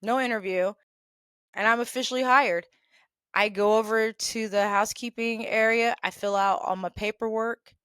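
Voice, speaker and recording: A woman hosting her own show, telling stories about past jobs in a chatty, animated way, with quick asides along the way. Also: fairly high pitch, clean tone, no echo, studio quality. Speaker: podcast host telling work stories. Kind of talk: casual storytelling.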